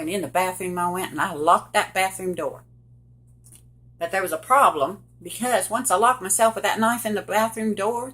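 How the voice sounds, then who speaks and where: Middle-aged woman, slightly low pitch, direct and emphatic personal storytelling to camera. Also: a bit bright. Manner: emphatic, addresses viewers directly. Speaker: survivor telling her story.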